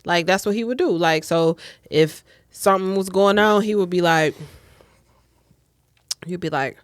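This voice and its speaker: A woman's voice: on the low side, unhurried, clean tone, no room sound, clean studio sound. A young woman co-hosting a casual chat show, candid and blunt, telling stories with animation. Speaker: podcast co-host.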